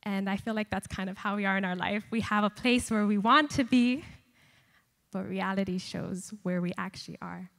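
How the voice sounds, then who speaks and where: A woman's voice: mid-range voice, moderate pace, gravelly, a bit bright. A young woman, a student missionary, telling an earnest personal testimony at a chapel service. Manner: earnest, heartfelt storytelling. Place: large university chapel. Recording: long reverb of a large chapel.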